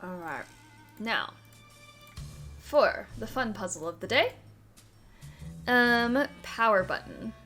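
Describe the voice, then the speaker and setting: A woman's voice: on the high side, sing-song, slow pace, pauses often, bright, forceful tone, faint music behind. A woman hosting a video game let's-play, chatting casually, reading instructions aloud and giggling often. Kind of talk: casual gameplay commentary.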